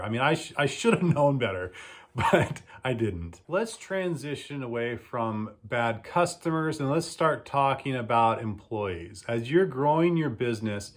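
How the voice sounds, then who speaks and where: Chatty man telling business stories. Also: mid-range voice. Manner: animated storytelling, acts out quoted exchanges. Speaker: lawn care business owner. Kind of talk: casual advice talk.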